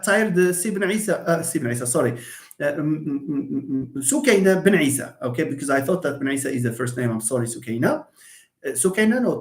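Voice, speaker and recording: An English teacher gives a live online lecture in a patient, chatty middle-pitched voice, stretching words out slowly and slipping into easy laughter. He answers students by name and laughs often. The audio sounds roomy, echoing as if recorded in a bare space.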